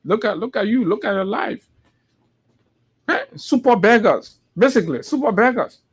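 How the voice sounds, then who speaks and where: A man with a Liberian English accent delivers fervent political commentary as a morning show host. His voice sits high for a man. He keeps hammering his points home by repeating phrases. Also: expressive, normal speed, breathy edge. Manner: preachy, repeats phrases for emphasis.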